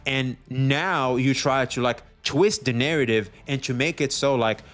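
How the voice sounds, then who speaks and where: Animated, profane male streamer ranting. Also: mid-range voice, measured pace, hardly any pauses, faint music behind. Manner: animated, profane, acts out others in quoted voices. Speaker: streamer commenting on drama. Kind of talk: casual commentary rant.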